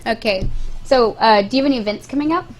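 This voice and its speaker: A woman's voice: a little high, quick pace, over music. Giggly, teasing woman radio host. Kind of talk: casual radio interview. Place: radio studio.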